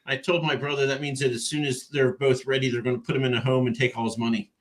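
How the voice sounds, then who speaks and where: A man's voice: mid-range voice, flat delivery, fast talker. A middle-aged man hosting a casual video-call interview, telling stories in a dry, rambling way. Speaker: podcast host.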